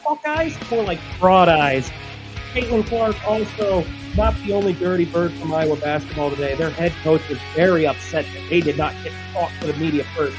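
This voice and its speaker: A man co-hosting a sports podcast, energetic and mocking, with loud sudden jumps in pitch. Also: normal speed, music in the background. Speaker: podcast co-host. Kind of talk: casual chat.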